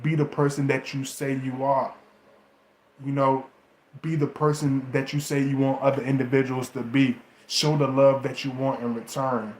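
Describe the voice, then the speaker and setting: A man giving relationship advice in a casual, animated monologue to camera, mocking and laughing often. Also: mid-range voice, moderate pace, roomy sound, a little hiss or hum.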